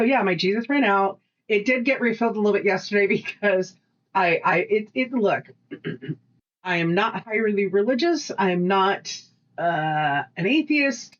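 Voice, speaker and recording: A woman co-hosting a casual podcast, telling animated work stories, acting out voices and swearing freely. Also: mid-range voice, dull audio. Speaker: podcast co-host. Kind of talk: casual storytelling chat.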